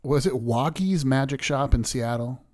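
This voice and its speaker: A man's voice: mid-range voice, normal speed, darkish tone. A man with a Pacific Northwest American accent, co-hosting a podcast, laughing along and chiming in with reactions in casual chat. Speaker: podcast co-host.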